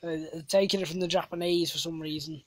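A gamer chats loosely over their own play, drifting off into silly tangents and teasing themselves. The voice sits at an ordinary middle pitch, neither high nor low. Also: steady tone, fast, fairly bright tone, dry recording. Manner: rambling, jokey, self-deprecating asides. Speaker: gamer, channel host. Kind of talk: casual gameplay commentary.

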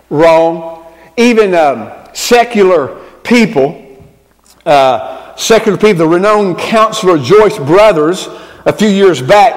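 A man preaching, pitched high for a man. He talks to his congregation in a conversational way, checking in with them as he goes. His voice rings with the long reverb of a church sanctuary. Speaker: pastor. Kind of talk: sermon.

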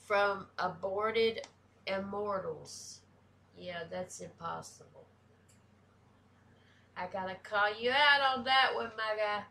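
A woman's voice: mid-range voice, slow, gravelly, pauses often, sharp tone, a little hiss or hum. A woman with a Southern US country accent, talking casually and bluntly as she reacts to a video, swearing freely. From American South.

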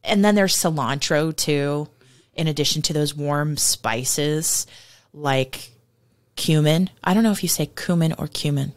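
A woman's voice: deep voice, unhurried. A woman co-hosting a podcast, chatting casually and enthusiastically about food in vivid detail. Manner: enthusiastic, descriptive, laughs easily. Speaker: podcast co-host.

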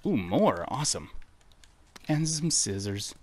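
A man's voice: lowish voice, expressive, normal speed. A man hosting a let's play video, joking and chatting to the game characters as he plays. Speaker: gaming video host.

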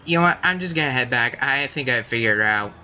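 A man's voice: medium pitch, lively intonation, fast talker, bright, forceful tone, dull audio. A young man giving casual, rambling let's-play commentary, often correcting himself as he goes. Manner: rambling, self-correcting, chatty. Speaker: gaming channel host.

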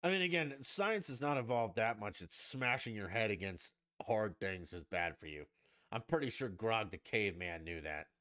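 Sarcastic, profane podcast host, lower pitch and a very lively delivery. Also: male voice, moderate pace. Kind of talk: ranting solo podcast.

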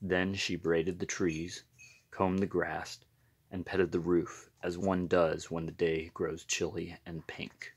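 A man reading a picture book aloud in a gentle, unhurried storytelling manner. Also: low voice, level tone, slightly rough.

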